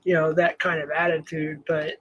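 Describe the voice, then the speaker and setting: Husky high-voiced older man chatting. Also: flat delivery, normal speed, a bit bright, highs cut off. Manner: rambling, self-deprecating, laughs often. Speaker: livestream host. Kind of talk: casual livestream chat.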